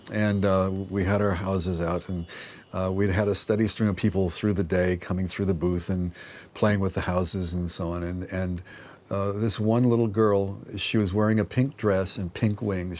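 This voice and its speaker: Low-voiced man telling a story. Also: a little mellow. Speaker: interviewee, fairy house maker. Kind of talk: casual anecdote.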